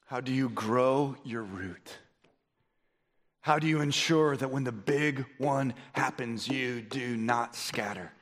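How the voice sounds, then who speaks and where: A man preaching a sermon as a pastor, swinging from hushed, quiet passages to loud, emphatic ones. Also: medium pitch, slow. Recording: echoey hall reverb.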